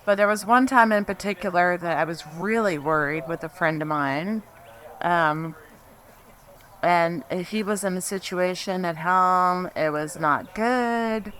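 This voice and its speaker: Female eulogist, bright, forward voice, nervous and emotional, off-the-cuff memorial anecdote. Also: on the low side. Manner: halting, emotional, laughs through her story. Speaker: friend giving a eulogy. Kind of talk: memorial speech, personal anecdote. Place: memorial gathering.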